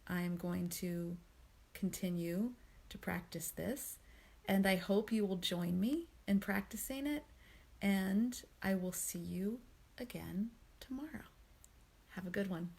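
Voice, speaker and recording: A woman hosting a daily mindfulness reading, talking in a gentle, unhurried way with frequent ums. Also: medium pitch, vocal fry, breathy edge. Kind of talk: reflective spoken commentary on a book reading.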